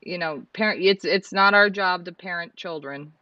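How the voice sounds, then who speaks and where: A woman's voice: lowish voice, normal speed, bright, forceful tone, dry recording. A woman from Canada co-hosting a live stream, chatting and reading out viewer comments. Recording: dry, dull lo-fi stream audio.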